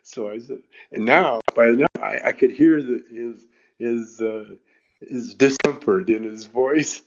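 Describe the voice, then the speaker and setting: Gravelly man, laughing storyteller. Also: mid-range voice, unhurried. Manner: laughs often while telling stories. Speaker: podcast guest. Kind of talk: casual storytelling. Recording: slightly dull lo-fi recording.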